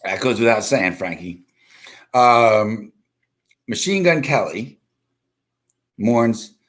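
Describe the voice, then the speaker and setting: A man's voice: lowish voice, takes it slowly. A man hosting a live stream, telling a rambling, profanity-heavy story and greeting viewers in chat as he goes. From South Florida. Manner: profane, animated, greets chatters mid-story.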